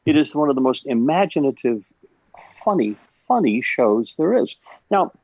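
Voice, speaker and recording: A man voice actor telling stories on a video call panel, halting with fillers. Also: medium pitch, sing-song, slightly rough, no room sound, dull audio. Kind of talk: casual panel chat.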